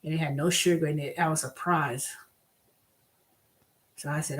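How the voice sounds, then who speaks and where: A woman's voice: low-pitched, steady tone, moderate pace, long pauses. A woman hosting her own vlog, talking casually and bluntly with strong emphasis, moving from exasperation to delight. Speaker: vlog host. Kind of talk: casual solo rant.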